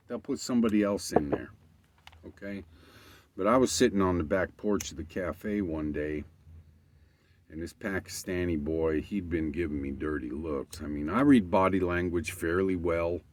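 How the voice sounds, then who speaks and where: A man's voice: low-pitched, a little hiss or hum. A man telling a story in a rambling, emphatic monologue full of profanity. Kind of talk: casual monologue.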